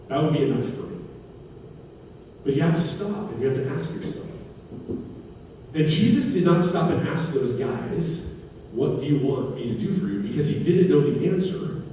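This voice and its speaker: A man's voice: fairly high pitch, dark tone, slight background noise. A male pastor preaching a sermon, emphatic and dropping joking asides. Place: hall at a men's breakfast. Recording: echoey hall, from far off.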